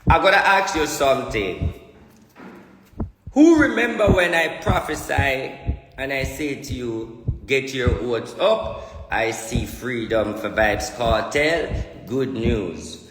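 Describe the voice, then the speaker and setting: A man's voice: medium pitch, lively intonation, slow pace, fairly bright tone, slight background noise. Jamaican man preaching at his viewers, declamatory and repetitive, in a reverberant room. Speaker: self-styled spiritual prophet. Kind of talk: ranting monologue to viewers. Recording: echoey room with long reverb.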